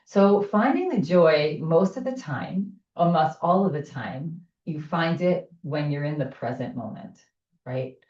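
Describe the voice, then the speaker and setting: A woman teaching chair yoga, giving gentle, soothing cues and guiding breathing. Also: deep voice, expressive, unhurried, echoey room, far from the mic, highs cut off. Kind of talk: guided chair yoga instruction.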